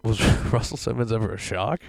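Gravelly low-voiced male podcast co-host. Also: a little fast, darkish tone, dry recording. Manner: crude, rambling, swears a lot. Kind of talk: casual chat.

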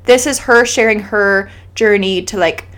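A woman co-hosting a podcast, chatty and reflective, thinking out loud with lots of fillers. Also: mid-range voice, a little slow. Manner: chatty, reflective, talks through her thoughts with fillers. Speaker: podcast co-host. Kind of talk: casual chat.

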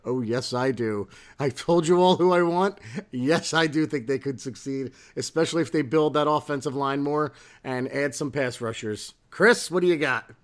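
A man's voice: medium pitch, moderate pace. A man co-hosting a sports podcast, casually reading out listener questions and laughing often. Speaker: podcast co-host.

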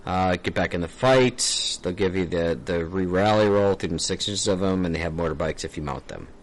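A man's voice: low voice, normal speed, low-quality recording. A man co-hosting a casual tabletop game chat, making wisecracks and reading unit stats. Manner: wisecracking, laid-back. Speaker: podcast co-host.

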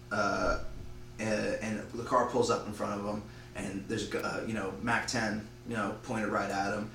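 Man, low voice, casual rambling storyteller who slips into character voices; echoey room, distant mic, faint hum. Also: creaky, fairly bright tone. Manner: rambling, acts out lines in quick voices. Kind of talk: casual retelling of a made-up movie plot.

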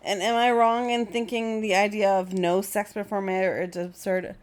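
A woman's voice: mid-range voice, little pitch movement, moderate pace. A woman co-hosting a casual podcast, giving blunt, joking advice. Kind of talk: casual chat.

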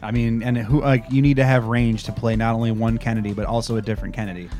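A man's voice: medium pitch, steady tone, quick pace, darkish tone, soft background music. A man co-hosting a podcast, recapping a TV episode in casual chat, rambling and sarcastic with lots of fillers. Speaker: podcast co-host.

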